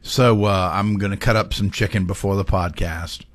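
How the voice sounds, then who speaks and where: A man co-hosting a talk radio show, joking around in a relaxed, easygoing way. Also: sits low, normal speed, no room sound. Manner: laid-back and joking, with easygoing fillers. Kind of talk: casual talk radio banter.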